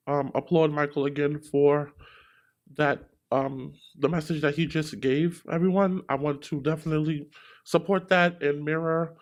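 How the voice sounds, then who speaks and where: A man's voice: a little high, darkish tone. A man gives an earnest graduation speech for his class, with some fillers. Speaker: graduate speaker.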